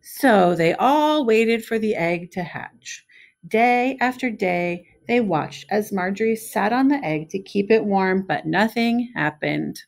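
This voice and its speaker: A middle-aged woman, a preschool teacher, reading a picture book aloud in an expressive, friendly way and pointing out the pictures. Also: medium pitch, measured pace, gravelly.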